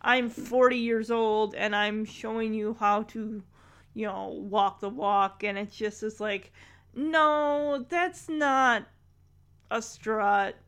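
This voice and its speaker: A woman's voice: medium pitch, flat delivery, takes it slowly, clean tone. A woman chatting casually as she recaps a show, acting out lines from its scenes.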